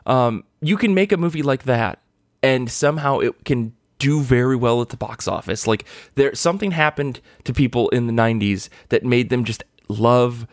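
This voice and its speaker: A man's voice: mid-range voice, normal speed, dry recording, clean studio sound. Rambling man hosting a casual chat. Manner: rambling, heavy use of "like" and restarts. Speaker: podcast host.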